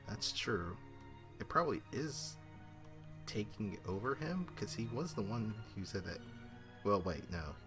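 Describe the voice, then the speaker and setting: A man with a deep voice hesitates and reasons aloud during a tabletop game. Music is clearly heard under his voice. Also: expressive, measured pace. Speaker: player.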